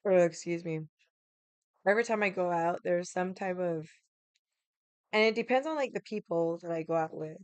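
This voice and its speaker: A woman's voice: mid-range voice, moderate pace, smooth, no echo. A woman livestreaming from home, casually telling a story to her chat, full of fillers and swearing. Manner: chatty, swears a lot, many fillers. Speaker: livestream host. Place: home room.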